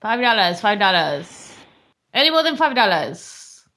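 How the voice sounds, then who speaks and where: A woman's voice: medium pitch, very animated, unhurried, pushed and bright. A woman calling bids in a casual auction game among friends, laughing often and sing-songing the calls. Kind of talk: casual podcast banter.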